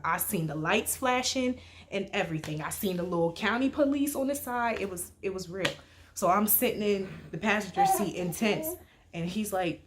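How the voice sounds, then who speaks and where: A woman's voice: medium pitch, normal speed, a little hiss or hum. Slangy young woman telling a story. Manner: slangy, animated, heavy use of "like". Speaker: storytime vlogger. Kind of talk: casual storytelling.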